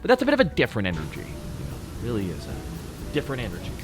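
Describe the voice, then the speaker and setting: A man in his thirties talks with his live chat in a deep, low voice, sitting close to the microphone. He teases and jokes in a loose, casual way. Music plays clearly behind him. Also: wildly swooping pitch, very fast. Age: 30s. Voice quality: naturally deep voice. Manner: joking, teasing, talks straight to chat. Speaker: VTuber streamer.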